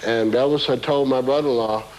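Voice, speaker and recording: A man's voice: medium pitch, fairly even intonation, brisk, a little mellow, slight background noise, low-quality recording. A man being interviewed in a group, speaking up to recount a personal memory.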